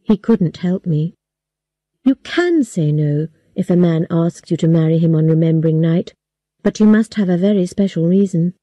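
A woman reading a story aloud slowly and clearly for English learners. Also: fairly low pitch, no room sound. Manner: slow, clear, even storytelling. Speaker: story reader. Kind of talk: slow scripted narration for English learners.

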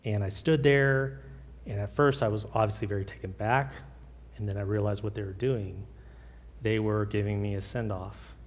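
A man preaching an informal sermon with personal testimony, earnest and halting, with many fillers and restarts. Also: fairly even intonation. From Oregon. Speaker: lay preacher. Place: church sanctuary. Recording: long hall reverb, faint rumble.

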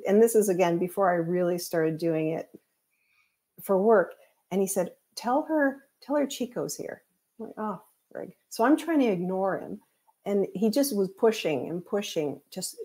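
Guest, woman, mid-pitched, chatty anecdotal delivery, casual podcast talk. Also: mellow. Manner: chatty anecdotes with laughs and acted quotes. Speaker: guest, psychic medium. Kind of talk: casual storytelling chat.

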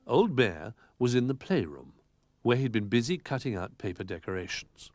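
Animated man reading a storybook. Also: medium pitch, moderate pace, faint music behind. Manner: animated, expressive. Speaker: narrator.

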